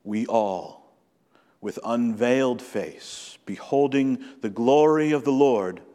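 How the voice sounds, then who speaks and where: A male pastor preaching a sermon in an earnest way, slowing down and lifting his voice to stress key points. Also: medium pitch, warm tone. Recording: long hall reverb.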